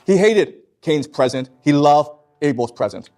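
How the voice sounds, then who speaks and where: A man's voice: a little high, animated, unhurried, darkish tone. A man teaching a class in an emphatic way, often stopping to check that his students follow. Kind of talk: classroom lecture.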